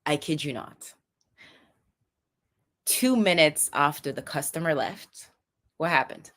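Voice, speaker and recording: Low-voiced animated woman livestreaming pep talk. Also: slow. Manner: chatty and animated, laughs often, restarts sentences. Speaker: live streamer giving motivational talk. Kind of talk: casual motivational livestream talk.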